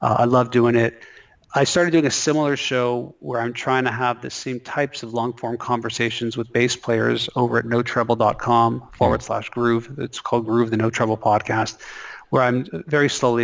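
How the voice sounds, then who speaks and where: A man's voice: medium pitch, vocal fry. A middle-aged man as a podcast guest, chatting casually and rambling a bit, correcting himself as he goes. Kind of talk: casual interview talk.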